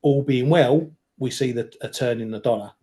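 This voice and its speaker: A man's voice: medium pitch, warm tone. Wry man giving a market view. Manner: measured, wry, hedging. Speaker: market analyst guest. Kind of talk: live market webinar chat.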